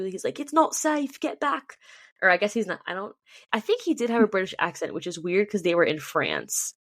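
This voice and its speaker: A woman's voice: on the low side, no echo, clean studio sound. A young woman co-hosting a podcast, chatting enthusiastically with plenty of ums and likes. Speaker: podcast co-host. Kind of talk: casual chat.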